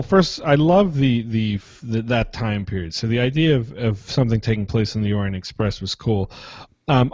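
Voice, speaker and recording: A man's voice: medium pitch, a little mellow, no echo. A man with a Philadelphia accent co-hosting a TV review podcast, reflective and stammering through restarts. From United States. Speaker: podcast co-host. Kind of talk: casual chat. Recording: dull lo-fi sound.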